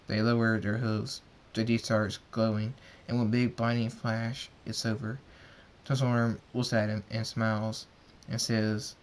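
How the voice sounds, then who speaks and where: A man's voice: lowish voice, level tone, unhurried. A man reading a fan story aloud, stumbling and repeating words as he narrates. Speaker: fan fiction reader.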